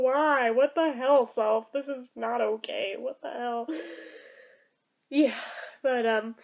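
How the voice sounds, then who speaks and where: A woman vlogger in casual, chatty talk, emotional and sprinkled with "like" and "um". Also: sits high. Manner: chatty and emotional, many fillers like "like" and "um". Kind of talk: casual vlog chat.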